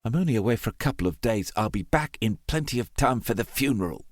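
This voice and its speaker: A man's voice: medium pitch, lively intonation, fast, no echo, studio quality, lightly acted. A man voicing a brash, guilty teenage schoolboy in an audiobook, speaking in a pleading, frustrated way. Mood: exasperated.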